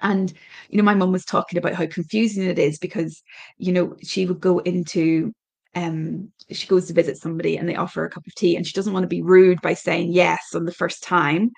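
Gravelly-voiced Irish woman, unhurried podcast talk. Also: on the low side, level tone, darkish tone. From Ireland. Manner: thoughtful, hesitant with many ums and restarts. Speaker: parenting podcast host. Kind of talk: reflective solo podcast talk.

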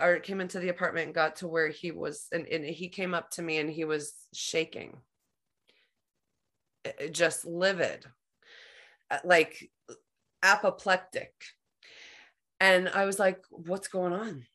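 A woman hosting a podcast, telling a personal story in a rambling, animated way, full of "like". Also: fairly low pitch. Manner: rambling, heavy use of "like", animated retelling. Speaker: podcast host. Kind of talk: conversational storytelling.

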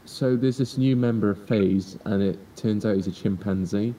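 A teenage man co-hosting a podcast, talking in a dry, deadpan way in a casual chat. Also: normal speed. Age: teens. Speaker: podcast co-host. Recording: distant mic with faint rumble.

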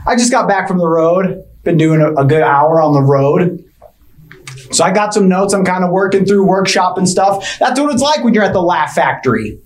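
A man doing a stand-up routine, rambling and hesitant and full of restarts, playing it deliberately awkward. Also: high-pitched. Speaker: stand-up comedian.

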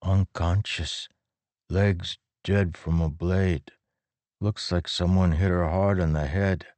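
A man reading an audiobook, voicing a frightened male soldier who speaks in a hushed whisper. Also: deep voice, steady tone, slow, no echo. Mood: grim.

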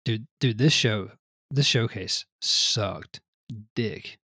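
A man's voice: fairly low pitch, slow pace, pushed and bright, husky, no room sound, clean studio sound. A man co-hosting a casual gaming podcast, reading news items and riffing with loose, profane chatter. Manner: reads news items then riffs loosely, swears often.

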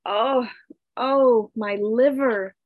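A woman voicing a goddess queen of the underworld who moans in pain and speaks grandly, in a slow storytelling read. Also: on the high side, animated, no echo, narrow, tinny audio, full character voice. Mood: moaning. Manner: pained drawn-out moans, then grand offers.

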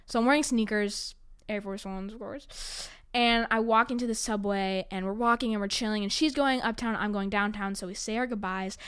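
Her voice sits at medium pitch, steady and a bit bright, clear and resonant, at a normal speed. She's a young New Yorker telling personal stories in a casual monologue, dramatic and chatty, with lots of laughs and "like" fillers.

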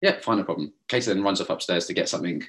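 A young man telling a long story in casual chat, animated and swearing, mimicking others as he goes. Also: low-pitched, very fast. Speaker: podcast co-host.

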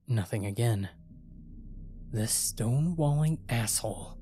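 A man's voice: lowish voice, steady tone, moderate pace, pauses often, a little mellow, slight background noise. A man narrating a first-person horror story in a tense, dramatic way.

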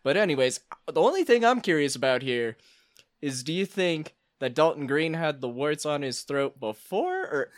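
A man playing a crude, swaggering bro celebrity chef in improvised comedy, loud and profane. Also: fairly high pitch, very animated, normal speed, no echo, clean studio sound. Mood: rambling. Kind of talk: improvised comedy role-play.

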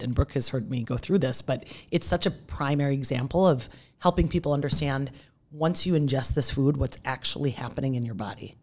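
A woman with a low-pitched voice speaks as a podcast guest, explaining nutrition with energy. She slips into quoted voices to make her points, and sounds middle-aged. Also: fairly quick, darkish tone. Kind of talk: podcast interview.

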